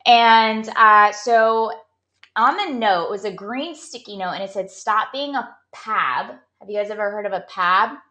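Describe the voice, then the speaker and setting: A woman's voice: mid-range voice, normal speed, pushed and bright. A woman performance coach talking casually to her viewers, telling a story and giving motivational advice with many "like" fillers. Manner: chatty, storytelling, lots of "like" fillers. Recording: echoey room.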